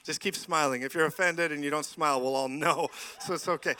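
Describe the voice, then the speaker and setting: A man preaching a lively sermon in a church, telling stories and acting out the voices of people in them. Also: on the high side, a little fast, slight background noise. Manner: animated, jokey, acts out voices in stories. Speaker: guest preacher.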